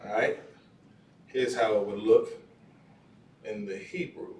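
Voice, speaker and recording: A man's voice: lowish voice, steady tone, takes it slowly, pauses often, a little mellow. Man teaching a class across an echoey room. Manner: repetitive, checks in with "all right?". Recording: echoey room, far from mic.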